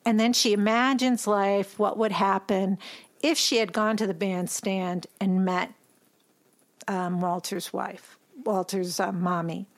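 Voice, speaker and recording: A woman chatting casually as she recounts a film's story with animation, dropping into quick impressions of the characters. Her voice sits at a middle pitch. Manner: animated, acts out the characters' lines. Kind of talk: casual chat retelling a film plot.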